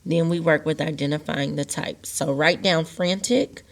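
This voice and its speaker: Lady teacher, lowish voice, explaining phonics to kids step by step. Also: moderate pace, creaky. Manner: patient, step-by-step explaining with rhetorical questions. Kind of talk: recorded phonics lesson for children.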